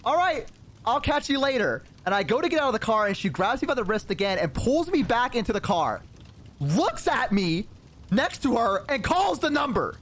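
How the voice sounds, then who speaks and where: Man, streamer, casual storytelling, rambling, filler-heavy, bouncy pitch. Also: sing-song, normal speed, fairly bright tone.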